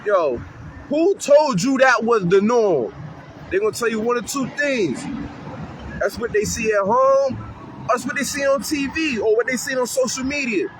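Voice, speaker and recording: A youth worker talks on a city street corner in a high, animated voice, swearing freely and acting out the kids he works with. Faint traffic hums outdoors behind him. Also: normal speed, poor audio. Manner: animated, profane, acts out kids' voices. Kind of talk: street interview talk.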